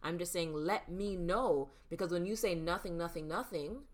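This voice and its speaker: A fairly low-voiced woman in her thirties, chatting casually as a co-host. She talks with animation and slips into voices to act out both sides of an argument. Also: normal speed. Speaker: podcast co-host. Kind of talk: casual couples chat.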